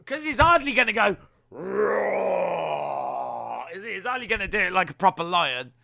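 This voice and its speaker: A man giving jokey live reactions while watching a wrestling show, now and then letting out sudden loud yells. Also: high-pitched, very animated, quick pace. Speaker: wrestling watch-along streamer.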